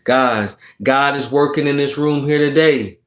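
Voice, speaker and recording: A man's voice: medium pitch, unhurried. A man reading tarot cards on a casual livestream, talking emphatically and preachily, checking in with his listeners and swearing now and then. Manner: swears casually while encouraging. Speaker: tarot card reader on a livestream. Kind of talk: casual livestream chat, reading viewer comments.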